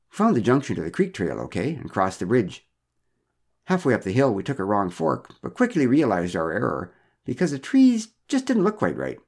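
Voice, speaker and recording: A man's voice: lowish voice, a little mellow. A man narrating a personal story with wry, dry humor.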